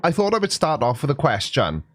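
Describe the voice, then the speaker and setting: A man's voice: medium pitch, huge pitch swings, fast, dry recording. A Welsh man in his forties with a sarcastic, jokey delivery, giving a comic monologue. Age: 40s. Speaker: YouTuber.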